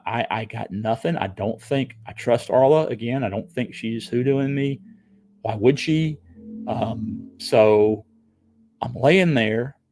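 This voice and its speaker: Man, 60s, from South Carolina, podcast guest, gravelly, animated storyteller. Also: medium pitch. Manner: animated, acts out his own excited thoughts. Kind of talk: casual storytelling.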